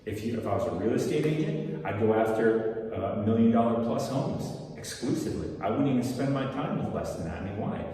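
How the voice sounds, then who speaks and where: Male business coach, low mellow voice, punchy and playful, picked up from afar in a reverberant room. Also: brisk. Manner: energetic, playful, repeats key words. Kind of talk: casual motivational teaching. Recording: echoey room, far from the mic.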